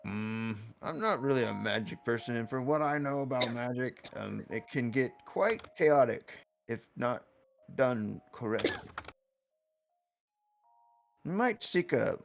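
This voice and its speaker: A man's voice: medium pitch, lively intonation, unhurried, gravelly. A man voicing a retired old alligator pirate, hesitant and meandering, chuckling as he talks. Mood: advising. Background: soft background music.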